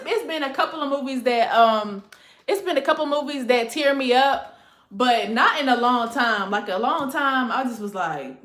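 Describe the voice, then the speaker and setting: A woman's voice: fairly high pitch, sharp tone. A woman, chatting casually and rambling to her livestream viewers, calling them y'all and honey. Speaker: livestream host. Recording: echoey room.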